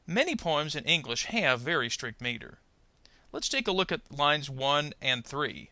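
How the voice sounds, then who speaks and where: A man teaching pronunciation in a scripted lesson, his voice very bright and a little gravelly. He lays out each point slowly and clearly, and the pitch rises and falls widely as he leans on the stressed words. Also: big pitch swings, dry recording. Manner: slow, deliberate, over-articulated model sentences for learners to repeat. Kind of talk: scripted instructional narration.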